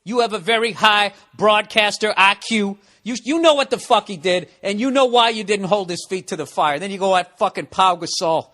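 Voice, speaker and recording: Podcast host, man, higher-pitched voice, sarcastic profane rant. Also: moderate pace, hardly any pauses, pushed and bright. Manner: profane, sarcastic ranting with mocking put-on quotes. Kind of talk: ranting monologue.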